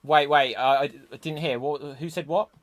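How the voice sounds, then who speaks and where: Male improv-stream host, chatty, brisk, self-deprecating, slightly high voice, on a video call. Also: steady tone. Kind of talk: live-streamed improv show hosting.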